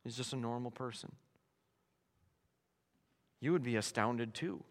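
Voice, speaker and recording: A man preaching a sermon, emphatic and animated, dropping to hushed tones and then rising to loud declarations. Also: mid-range voice, measured pace. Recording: long hall reverb.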